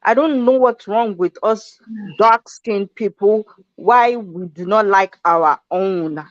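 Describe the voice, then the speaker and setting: A woman's voice: medium pitch, slow pace, dry recording. A woman from Nigeria speaking emphatically in a casual panel discussion. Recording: dull, dry recording.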